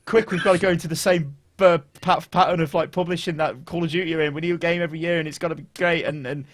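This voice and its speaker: A man's voice: fairly high pitch, steady tone, fast talker, no room sound, clean studio sound. A British man hosting a casual gaming podcast, rambling and swearing, trailing off and restarting as he talks. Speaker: podcast host.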